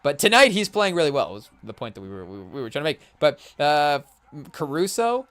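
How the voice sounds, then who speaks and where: A man hosting a podcast, reacting excitedly and rambling through casual live commentary on a game, with lots of "hey, yo" interjections. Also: a little high, a little fast. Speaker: podcast host.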